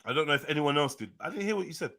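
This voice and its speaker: A man's voice: on the high side, animated, racing, bright, forceful tone. A man hosting a live panel, arguing heatedly, talking over the other caller and repeating himself. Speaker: live show host.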